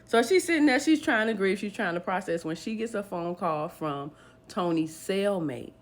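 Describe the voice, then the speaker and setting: A woman telling a dramatic story in a casual storytime voice, her pitch of middle height. She is animated, swinging up and down as she acts out the people involved. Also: normal speed. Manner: animated, acting out each person's lines. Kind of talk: storytime retelling.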